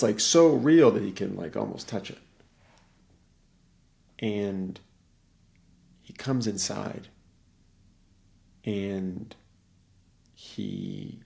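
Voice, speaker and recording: A man's voice: lowish voice, takes it slowly, creaky, long pauses, warm tone. A middle-aged man in casual conversation, telling a rambling story and acting out the voices of the people in it.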